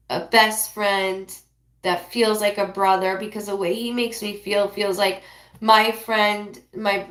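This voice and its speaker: A woman doing a live psychic reading who rambles, apologizes often and passes on messages in quick bursts. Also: mid-range voice, fairly bright tone, roomy sound. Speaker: psychic medium.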